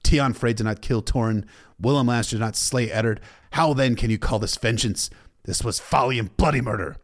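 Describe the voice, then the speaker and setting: A man voicing a stern young king who speaks in a measured, commanding way. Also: mid-range voice, natural voice.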